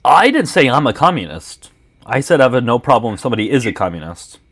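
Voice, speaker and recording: A man's voice: mid-range voice, very animated, fast, fairly bright tone, breathy edge, no room sound. A man hosting a live stream, arguing in a sarcastic, combative way and interrupting often. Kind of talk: heated live debate.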